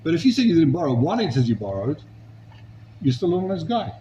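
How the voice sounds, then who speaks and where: A man's voice: fairly high pitch, big pitch swings, quick pace, warm tone, a little hiss or hum, poor audio. A man teaching a Talmud class, arguing a legal case with rhetorical questions and Hebrew and Aramaic terms.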